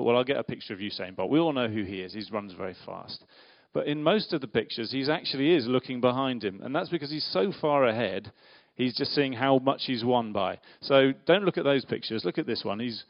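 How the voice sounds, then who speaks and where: Male preacher, playful and interactive with the room, mid-pitched voice on a dull, muffled recording. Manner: lively, questions the audience, playful. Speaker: preacher giving a children's talk. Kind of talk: interactive church talk with slides and volunteers. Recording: dull lo-fi sound.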